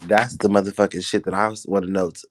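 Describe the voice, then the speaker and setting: A man's voice: fairly low pitch, little pitch movement, quick pace, noisy background. A man hosting a live stream, giving blunt, profane, heated commentary in casual chat.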